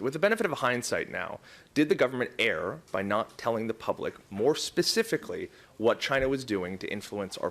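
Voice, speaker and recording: Male reporter, low voice, probing press questions with lots of ums. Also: a bit bright. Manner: probing, many filler words. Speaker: journalist.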